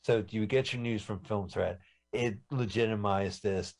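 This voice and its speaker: Low-voiced man chatting about movies. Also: steady tone, moderate pace. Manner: reminiscing, conversational, chatty. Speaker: podcast co-host. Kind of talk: casual movie-watching commentary.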